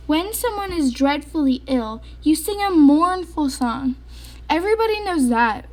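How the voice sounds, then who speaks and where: A woman's voice: high-pitched, expressive, a little slow, voice pushed up. Woman doing a grumpy, self-pitying storybook bear with a cold, grumbling and melodramatic. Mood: indignant. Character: sick grumpy dramatic male bear.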